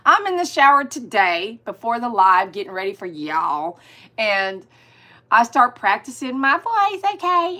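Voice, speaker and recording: A woman's voice: a little high, expressive, measured pace, bright, forceful tone. A woman hosting a livestream, chatting casually and greeting viewers by name. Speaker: dog groomer hosting a livestream.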